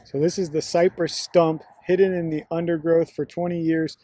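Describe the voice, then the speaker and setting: A man's voice: fairly high pitch, little pitch movement, moderate pace, dark tone, no echo. A man chatting casually in a travel vlog, telling stories with little laughs, first in a car and then walking outdoors through a garden. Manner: chatty storyteller, laughs while telling anecdotes. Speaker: travel vlogger.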